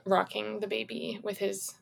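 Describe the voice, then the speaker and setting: A woman co-hosting a podcast in relaxed, casual chat, agreeable and quick with short affirmations. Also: mid-range voice, gravelly. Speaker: podcast co-host.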